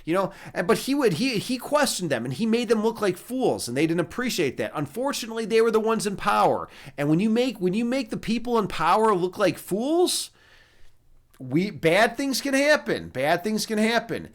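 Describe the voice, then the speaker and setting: A young man talking loosely to his stream audience, his voice sitting a little high for a man. He rambles and swears freely, restarting sentences as he goes, into a desk mic. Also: sing-song, normal speed. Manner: rambling, profane, with many restarts. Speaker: streamer and chess instructor. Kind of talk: casual live-stream chat.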